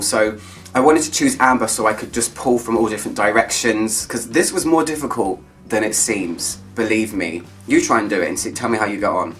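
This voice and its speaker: Friendly male vlogger, mid pitch, gushing casual delivery, slightly distant mic. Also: fairly bright tone. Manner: enthusiastic, chatty, lingers on descriptive words. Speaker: fragrance reviewer. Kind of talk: casual chat to camera.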